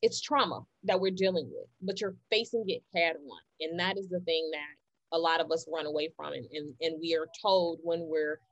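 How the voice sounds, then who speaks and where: A woman's voice: sits low, fairly even intonation, normal speed, dry recording, muffled recording. A woman hosting a conversation about healing, earnest and encouraging, often repeating phrases for emphasis. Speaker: podcast host.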